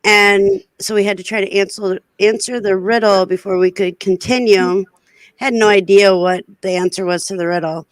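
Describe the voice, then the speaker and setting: Woman, casual live-chat storyteller, filler-heavy, even middle pitch, dry room. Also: normal speed, no echo. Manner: rambling with many fillers and restarts. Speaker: co-host of a reselling live show.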